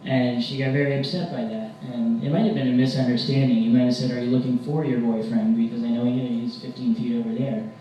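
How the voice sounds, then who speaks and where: A young man doing a stand-up comedy set, telling rambling deadpan stories with mock-angry rants. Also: mid-range voice, quick pace, few pauses. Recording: very echoey room, distant mic, faint hiss.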